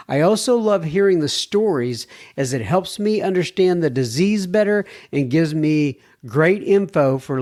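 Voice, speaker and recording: An American man hosts a recovery podcast, reading listener letters aloud in a slightly higher-pitched voice. He breaks off now and then with chuckling asides before going back to the letter. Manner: warm, chuckling asides between read passages. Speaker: podcast host.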